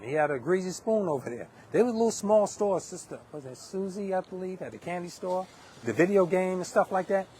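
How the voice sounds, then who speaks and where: A man with a North Carolina-tinged New York accent holds forth outdoors into a handheld phone, his voice sitting a little high for a man. His talk is heated and rambling, full of restarts and repeated words. A faint outdoor hum sits behind him. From Hempstead, New York. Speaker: livestreamer. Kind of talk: impassioned street livestream monologue. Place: outdoors at dusk.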